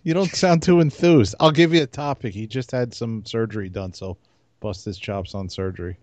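一位男性播客联合主持人，随意闲聊，说话轻松，爱开玩笑调侃。. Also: male voice, fairly low pitch, normal speed, darkish tone, no echo. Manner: joking, teasing, laid-back. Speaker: podcast co-host. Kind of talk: casual chat.

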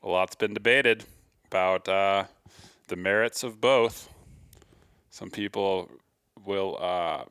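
A man co-hosting a podcast, talking in a relaxed, joking way. His voice is very low, with a gravelly fry and a bright, forceful edge. It is recorded close and dry. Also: no room sound. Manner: relaxed, joking, searches for words. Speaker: podcast co-host, hunting photographer. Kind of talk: casual podcast chat.

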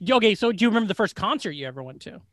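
A man's voice: high voice, sing-song, rapid-fire, a bit bright, no echo, clean studio sound. A man co-hosting a comedy podcast from home, chatting loosely with lots of fillers and laughter. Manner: rambling, laughing, filler-heavy. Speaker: podcast co-host. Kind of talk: casual comedic chat. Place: home living room.

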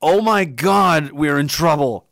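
A man telling a story in a casual rant, animated, swearing and laughing often. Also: fairly high pitch, takes it slowly.

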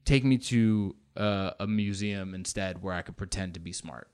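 A man's voice: sits low, moderate pace, a little mellow, clear, resonant tone. A young man hosting a casual solo chat, rambling and self-mocking, with loose slang and lots of fillers.

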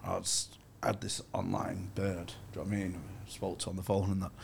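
A man's voice: deep voice, little pitch movement, quick pace, creaky, slight background noise. A man co-hosting a podcast, telling crude stories in casual banter and laughing often. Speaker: podcast co-host.

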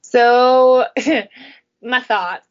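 A woman's voice: fairly high pitch, very slow, dull audio. A woman in her thirties co-hosting a podcast, chatting casually, rambling and laughing often. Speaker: podcast co-host. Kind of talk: casual chat.

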